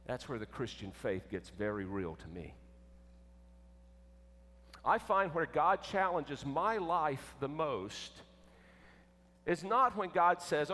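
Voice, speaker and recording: A man preaching a sermon, emphatic, swinging between loud and hushed. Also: a little high, expressive, unhurried. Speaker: pastor. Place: church sanctuary. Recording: echoey church with long reverb.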